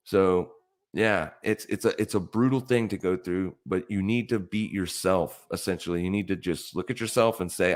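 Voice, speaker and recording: Male host, deep voice, casual live-stream trading talk, blunt coaching manner. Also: moderate pace.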